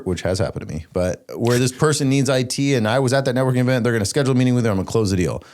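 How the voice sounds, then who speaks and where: A young man hosting a podcast in casual chat, talking in an animated, emphatic way with lots of "like". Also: medium pitch, rapid-fire, few pauses. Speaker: podcast host.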